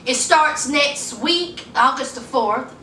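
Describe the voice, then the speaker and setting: A woman's voice: expressive, slow pace, pushed and bright, slight background noise. A woman vlogger recapping a reality show in casual, sassy chat, calling her viewers y'all and honey. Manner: acts out quoted people in a higher voice. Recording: echoey room, mic at a distance.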